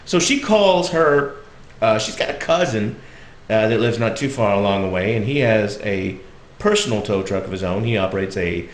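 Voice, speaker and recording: Relaxed Southern man telling a story. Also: fairly low pitch, a little fast, a little hiss or hum. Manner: relaxed and reflective, with frequent fillers. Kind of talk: casual storytelling monologue. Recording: echoey room.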